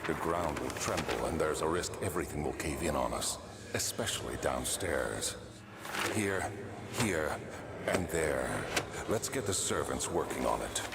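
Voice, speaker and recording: Commanding ancient nobleman: very deep, rasping, measured orders, game audio with heavy noise. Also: lively intonation, full character voice. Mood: grave. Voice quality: very deep, gravelly.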